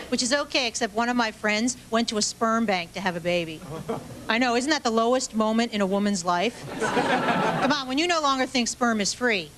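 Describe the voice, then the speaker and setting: A woman's voice: a little high, normal speed. A woman performing a stand-up comedy set on a club stage, with punchy, self-deprecating delivery and mock asides to the audience. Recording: live club recording with loud crowd and noise. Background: loud audience laughter and noise.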